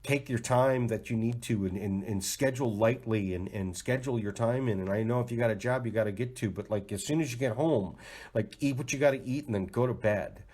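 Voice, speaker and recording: Middle-aged guy rambling casually about health, laughs a lot, mid pitch, chatty and loose. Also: brisk, darkish tone. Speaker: host of a health advice show.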